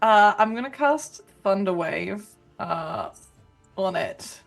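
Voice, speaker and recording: A woman's voice: medium pitch, animated, slow pace, creaky, faint music behind. A woman playing in a tabletop game, talking through her turn in a flustered, laughing way. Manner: flustered, self-deprecating, laughing often. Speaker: player. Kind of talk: casual game chat.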